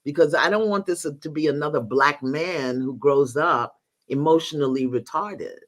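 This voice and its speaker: A woman's voice: deep voice, moderate pace. An older woman, a guest teacher in a spiritual conversation, telling stories expressively, acting out bits of dialogue and laughing often.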